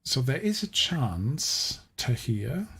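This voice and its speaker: A man running a tabletop game as game master, explaining scenes in a measured way with frequent restarts. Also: mid-range voice, sing-song, vocal fry, a bit bright, slight background noise. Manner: measured, explaining, often restarting his sentences.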